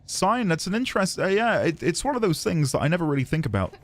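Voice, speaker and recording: A man's voice: on the high side, very animated, fast. A man giving casual live-stream commentary, chatting with viewers while he plays and thinks aloud. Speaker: streamer playing a video game.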